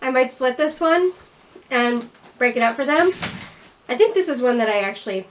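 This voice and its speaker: A woman's voice: high voice, animated, moderate pace. A woman casually chatting as she tastes homemade food, enthusiastic and sometimes talking with her mouth full. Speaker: vlog co-host. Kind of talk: casual food tasting chat. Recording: voice a little far from the mic.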